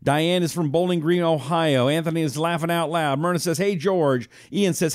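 A man's voice: on the high side, normal speed, hardly any pauses, no echo, clean studio sound. A man hosting a live talk stream, chatting loosely with viewers, reading out their comments and making blunt asides. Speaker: host.

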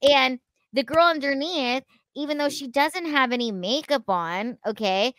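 A woman's voice: high voice, a little slow, a bit bright, no echo, studio quality. A woman co-hosting a podcast, talking in a blunt and opinionated way in casual chat. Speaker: podcast co-host.

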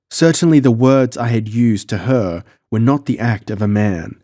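Man reading an old adventure audiobook, lowish voice, dry close sound, steady dramatic telling. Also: dry recording. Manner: measured, dramatic storytelling. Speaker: audiobook narrator. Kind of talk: scripted first-person audiobook narration.

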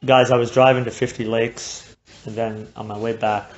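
A man preaching a sermon in an impassioned way, moving from hushed, quiet stretches to loud, fervent passages. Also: mid-range voice, flat delivery, moderate pace. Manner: impassioned, swings from hushed to shouting. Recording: dull lo-fi recording with faint noise.

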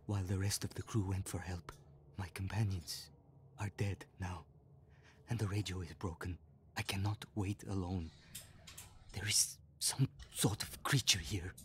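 An injured survivor left behind, reading his farewell note in a calm, solemn tone. His voice sits very low, with faint noise underneath, like a voiced note in a game. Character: injured stranded man writing a farewell note, grave.

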